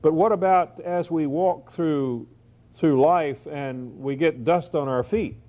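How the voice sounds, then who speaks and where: A man teaching the Bible verse by verse, reading scripture slowly and then explaining it in quick asides. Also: fairly high pitch. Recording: dull lo-fi recording.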